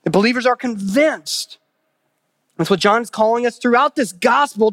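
A pastor preaching a sermon, earnest, repeating phrases for emphasis and asking the listeners questions. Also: male voice, extremely high pitch, lively intonation, moderate pace, fairly bright tone, dry recording, clean studio sound.

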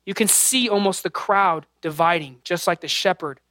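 A man's voice: sits high, moderate pace, pushed and bright, no room sound, clean studio sound. A man in his thirties preaching a sermon, earnest and conversational, mixing scripture with personal family stories. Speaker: pastor.

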